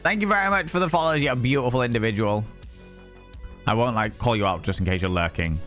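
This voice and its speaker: Chatty, cussing streamer. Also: male voice, mid-range voice, fast talker, soft background music. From Yorkshire, England. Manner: chatty and swearing, greets viewers warmly by name. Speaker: livestream host. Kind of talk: casual live-stream chat.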